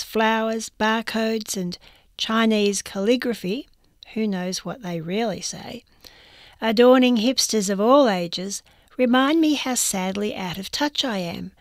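A woman's voice: fairly high pitch, no echo. A woman reading a first-person magazine column aloud with a dry, wry storytelling delivery.

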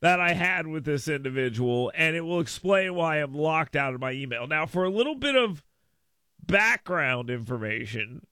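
Animated, bright-voiced male radio host. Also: no room sound. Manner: animated storytelling, jumps up in pitch and volume for emphasis. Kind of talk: casual talk radio monologue. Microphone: studio microphone.

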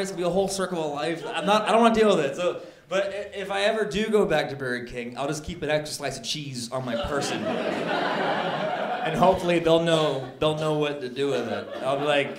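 A man doing a stand-up comedy set, telling an animated story that builds into exasperated outbursts. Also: sits high. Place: comedy club stage with audience. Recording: live club recording, roomy with crowd laughter.

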